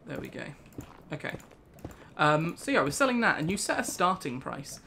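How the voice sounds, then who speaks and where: A man's voice: fairly high pitch, sing-song, moderate pace, vocal fry, pushed and bright, slight background noise. A young British man hosting a casual gaming video, rambling through a story with laughs. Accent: British English. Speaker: gaming channel host. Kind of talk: casual let's play chat.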